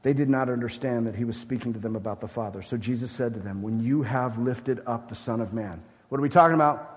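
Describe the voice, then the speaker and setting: A man preaching a sermon as pastor, urgent and emphatic one moment and hushed and grave the next. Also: mid-range voice, quick pace. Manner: emphatic preaching, swinging between loud urgency and hushed gravity. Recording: long hall reverb.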